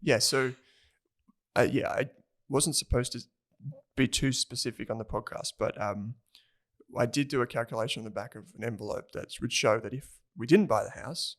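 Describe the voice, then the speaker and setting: A man's voice: medium pitch, normal speed, a bit bright. A man, co-hosting a personal finance podcast in a rambling, chatty way and laughing easily. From Australia. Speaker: podcast co-host. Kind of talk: casual chat.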